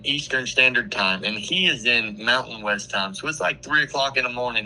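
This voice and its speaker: A man, a comedian guest on a radio show, telling a crude, profane story in a casual, animated way. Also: medium pitch, poor audio. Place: radio studio.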